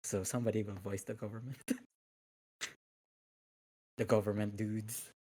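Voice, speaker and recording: A man's voice: lowish voice, fairly even intonation, a little slow, dark tone. A man being interviewed as a guest on a casual podcast, speaking hesitantly and laughing between words.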